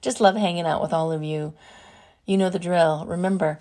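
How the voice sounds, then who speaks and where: A middle-aged woman hosting a motivational talk show, energetic and playful, repeating phrases for emphasis. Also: on the low side, normal speed. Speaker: podcast host.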